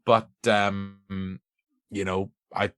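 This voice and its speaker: A man's voice: low-pitched, level tone, very slow, a bit bright. A middle-aged man with a Northern Irish accent hosting a film podcast, chatting in a rambling, self-mocking way. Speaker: podcast host. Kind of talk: casual chat.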